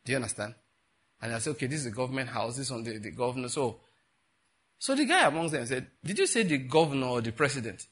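Husky-voiced Nigerian pastor preaching. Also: male voice, mid-range voice, quick pace. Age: middle-aged. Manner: animated storyteller, bursts into laughing retellings. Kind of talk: sermon with storytelling.

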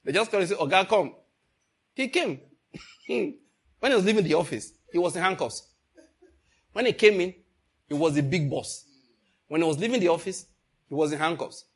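A man's voice: on the high side, fairly quick, pauses often, husky. An older man preaching a sermon, telling a story and calling out questions to the congregation. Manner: storytelling, animated, calls out to the congregation.

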